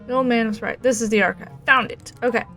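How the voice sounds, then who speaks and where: A woman's voice: on the high side, fairly even intonation, fast talker, fairly bright tone, soft background music, poor audio. A woman chatting as she plays a story game and reacts aloud. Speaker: game streamer. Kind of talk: let's play commentary.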